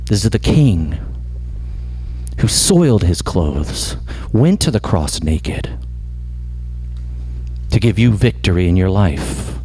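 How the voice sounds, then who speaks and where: Man, pastor, sermon, impassioned, very animated pitch, dips low for emphasis. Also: slow, long pauses, breathy edge.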